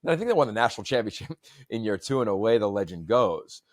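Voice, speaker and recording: A man hosting a podcast, telling stories in a long-winded, animated way. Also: fairly low pitch, quick pace, dry recording, studio quality. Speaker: podcast host. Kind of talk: casual chat.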